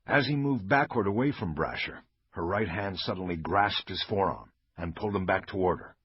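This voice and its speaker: A male audiobook narrator with a low, husky voice who reads crime scenes with lively, animated delivery. He is heard on a dull, lo-fi recording with faint music underneath. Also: normal speed, no room sound. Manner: lively, dramatic reading. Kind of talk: scripted narration.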